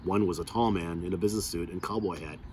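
A man reading a novel aloud in a steady, plain narrating voice. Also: low voice, fast, slight background noise. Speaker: reader.

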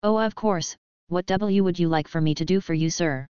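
A woman's voice: lowish voice, normal speed, a little mellow, smooth, no room sound, close to an everyday voice. A woman voicing a nervous, eager-to-please male bank head who fawns and apologizes, in a dry, dull lo-fi recording. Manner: fawning and apologetic.

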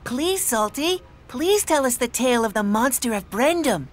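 A man voicing a small, excitable young male engine in a cartoon, eager and pleading. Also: very high-pitched, moderate pace, soft background music, voice pushed up.

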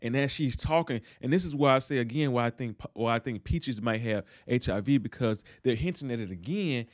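A young man casually recapping a TV episode, retelling scenes in slangy, animated talk and acting out lines. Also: mid-range voice, fairly quick, no room sound, clean studio sound. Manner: animated retelling with slangy asides and acted-out dialogue. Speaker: TV recap host.

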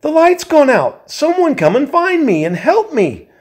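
A man voicing a timid little male hobbit burglar who squeaks thin, high cries when frightened. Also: big pitch swings, unhurried, a little mellow, breathy edge.

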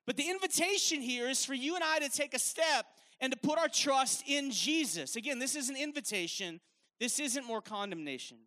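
A man's voice: very high voice, lively intonation, normal speed, pushed and bright. A man preaching a live sermon on stage, talking casually and emphatically with lots of fillers. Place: stage at a worship event.

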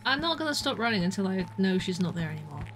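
A woman streamer giving live gameplay commentary, chatty and self-narrating, breaking into excitable yelps. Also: mid-range voice, fast talker, faint music behind, rough recording. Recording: background noise under voice.

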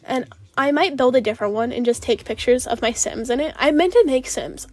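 A woman's voice: high-pitched, a little fast, darkish tone, dry recording. A young woman rambling casually as she talks over a game build video, with lots of fillers and small laughs. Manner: rambling, filler-heavy, giggly. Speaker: game streamer.

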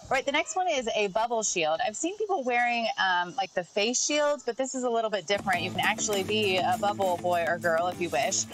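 A woman's voice: mid-range voice, expressive, brisk, hardly any pauses, soft background music, low-quality recording. A woman guest on a television lifestyle show, casually walking through a list of gadgets and reading product details with her own offhand asides. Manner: chatty, informal, reads product notes with asides. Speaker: tech segment guest. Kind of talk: casual TV segment chat. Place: TV studio.

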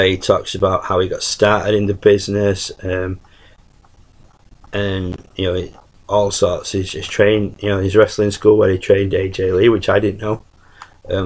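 A man's voice: low voice, low-quality recording. A man from the UK giving a casual spoken review, rambling with lots of ums and restarts. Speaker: YouTube reviewer.

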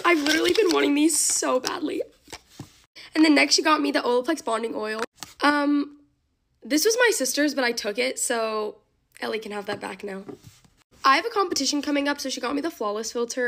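A woman's voice: on the high side, a bit bright, slight background noise. A teenage girl unboxing a makeup haul, gushing and bubbly, with gasps and lots of "like". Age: teens. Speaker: beauty haul vlogger. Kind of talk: excited unboxing chat.

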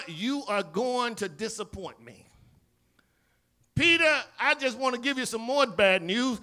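A male pastor with a Southern accent, preaching a sermon and acting out the dialogue of biblical scenes, swinging between loud cries and low murmurs. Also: lively intonation, a little slow. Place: church sanctuary.

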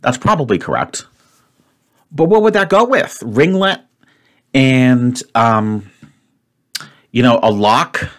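Man, solo puzzle commentary, slow unhurried delivery, thinking aloud, exasperated muttering. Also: medium pitch, animated, a bit bright. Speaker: puzzle-solving host.

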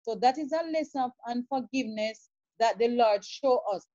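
A woman's voice: fairly high pitch, mellow, no room sound. A woman teaching a sermon and reading scripture aloud, often repeating words and checking in with the listeners. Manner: halting, repeats words, checks with "all right?". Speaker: preacher. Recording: dull, dry, lo-fi sound.

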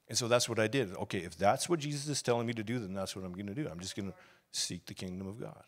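A man preaching a sermon as pastor, telling his story casually and confessionally, then building up to loud, fervent preaching. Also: fairly low pitch, fast talker. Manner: storytelling, grows loud and fervent, acts out quoted shouts; casual and confessional, with laughs and sighs.

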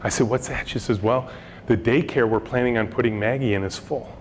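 A man's voice: medium pitch, fairly even intonation, a little fast. A middle-aged man, a company CEO, giving a storytelling talk to students and acting out the voices in his anecdotes. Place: lecture hall with audience. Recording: long hall reverb, faint noise.

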